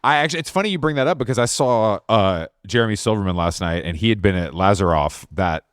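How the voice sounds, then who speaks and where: Casting: man, low voice, blunt and argumentative podcast guest, dry close recording. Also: animated, fast talker, no room sound. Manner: blunt, argumentative, trailing off quietly. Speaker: guest artist. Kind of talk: casual chat. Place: home.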